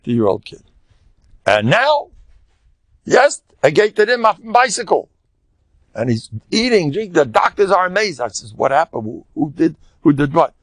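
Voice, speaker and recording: A man's voice: fairly high pitch, very animated, moderate pace, no echo. An older man with an American accent, a rabbi giving a humorous lecture full of stories and Yiddish and Hebrew words, with a boastful, joking manner. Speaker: rabbi and spiritual mentor.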